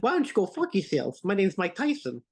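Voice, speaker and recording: A man's voice: high-pitched, wildly swooping pitch, a little fast, husky, heavily acted. Man doing a brash, foul-mouthed boxer. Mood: belligerent. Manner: profane, boastful threats.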